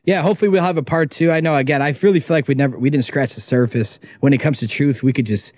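A man's voice: fairly high pitch, fast, a little mellow, dry recording, studio quality. A man who makes documentaries, a guest on a casual podcast interview, talking in an emphatic, rambling way and swearing freely.

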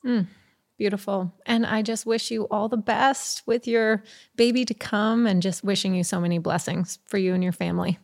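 Gentle woman podcast host. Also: medium pitch, fairly even intonation, normal speed, gravelly. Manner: soft, gentle, affirming. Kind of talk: podcast host chat and outro.

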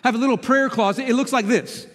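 A man preaching a sermon as pastor, telling a personal story and swinging from loud urgency to hushed quiet. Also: very high-pitched, steady tone, quick pace, in a large hall. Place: church hall.

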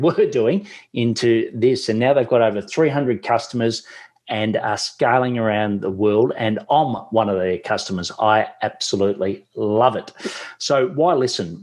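A man's voice: fairly low pitch, darkish tone. A man with an Australian accent hosting a podcast in a chatty, enthusiastic way. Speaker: podcast host.

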